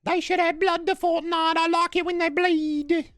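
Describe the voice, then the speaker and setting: A man's voice: extremely high pitch, little pitch movement, normal speed, a bit bright, dry recording, studio quality, voice pushed up. A man voicing a nasal, whiny young British boy who streams games and complains in a prim, fussy way.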